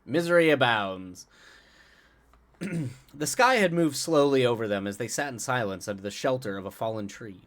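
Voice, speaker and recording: Sex: man. Role: live streamer. Style: casual chat, playful with viewers, halting with many restarts. Pitch: average. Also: expressive, fairly bright tone. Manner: rambling, halting, with frequent restarts and chuckles; answers chat directly, playful. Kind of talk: casual stream chat and reading a story aloud.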